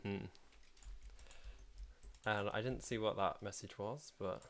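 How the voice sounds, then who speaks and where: A man's voice: lowish voice, steady tone, slow, a bit bright, slight background noise. A man hosting a casual game livestream, talking in a chatty, rambling way and laughing often while he plays. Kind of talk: casual live commentary while playing.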